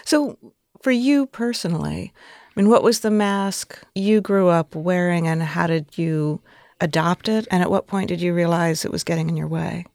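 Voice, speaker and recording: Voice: medium pitch, normal speed, creaky, darkish tone, no room sound, studio quality. An interviewer asking curious, probing questions.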